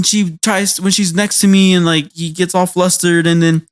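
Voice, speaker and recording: A man's voice: high voice, steady tone, normal speed, hardly any pauses, clear, resonant tone. Rambling man recapping anime. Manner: rambling, lots of fillers, mimics characters in quotes. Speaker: podcast co-host. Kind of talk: casual anime recap chat.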